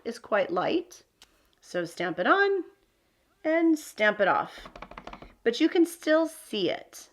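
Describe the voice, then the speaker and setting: Casting note: woman host for a crafting tutorial, chatty and thinking aloud, mid pitch. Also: fairly bright tone, a little hiss or hum. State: hiccups. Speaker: card-making tutorial host. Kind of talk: casual crafting demonstration.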